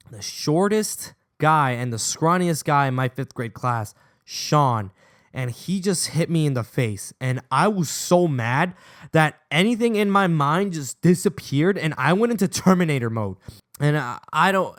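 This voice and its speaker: A young man hosting a gaming channel, telling a personal story over gameplay in an animated, slangy way. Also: on the high side. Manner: animated, slangy, acts out quotes.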